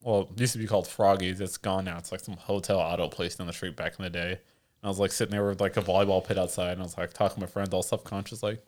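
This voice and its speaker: A man's voice: sits low, level tone, fast, darkish tone. A young man co-hosting a podcast in casual, profane banter, mocking himself and laughing often. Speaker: podcast co-host.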